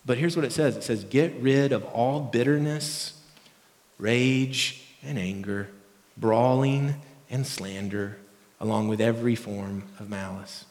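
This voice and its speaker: A man's voice: mid-range voice, measured pace, darkish tone. A middle-aged man preaching as a pastor, talking casually and asking the congregation questions. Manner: conversational, asks the congregation questions. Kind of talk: sermon. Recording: long reverb of a large hall.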